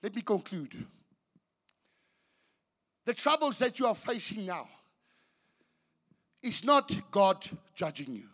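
A man preaching a sermon as pastor, swinging between hushed and shouted passages, often restarting his sentences. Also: sits high, big pitch swings, slow, pauses often. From South Africa. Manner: restarts and repeats words mid-sentence. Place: church.

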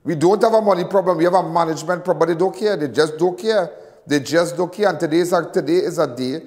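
A middle-aged man with a Trinidadian accent, hosting and speaking to viewers in an impassioned monologue, repeating himself and swinging between loud and hushed. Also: on the high side, fast, in a large hall. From Trinidad and Tobago. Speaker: host.

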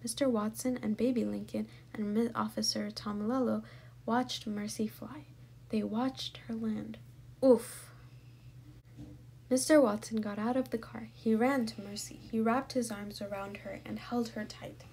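A woman reading a children's book aloud in a soft, half-whispered voice. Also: fairly high pitch, steady tone, moderate pace, breathy edge. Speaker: read-aloud narrator.

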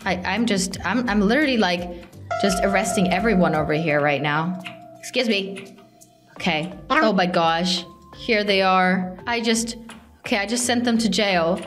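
Young woman gaming, super excitable, lots of oh my gosh energy, chatty commentary over faint music. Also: mid-range voice. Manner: excitable, exclaims often, talks to other players. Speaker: gaming channel host. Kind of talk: playful gameplay commentary. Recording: light background music.

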